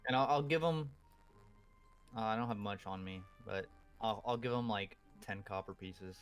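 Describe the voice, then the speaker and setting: A man playing a tabletop game, talking in a halting way with stumbling restarts. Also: on the low side, clear, resonant tone, soft background music. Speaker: player.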